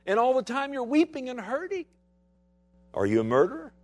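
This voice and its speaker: Dramatic preaching man, swinging loud to hushed. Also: high voice, huge pitch swings, fairly quick. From Texas. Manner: acts out quoted voices. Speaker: pastor. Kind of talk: sermon.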